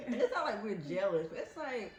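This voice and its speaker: A young woman co-hosting a casual podcast, talking fast and packing her sentences with fillers. Her pitch is ordinary. Her voice carries a roomy echo over a faint hiss. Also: very animated. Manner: fast, chatty, full of fillers like "like". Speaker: podcast co-host. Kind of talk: casual chat. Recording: echoey room with faint noise.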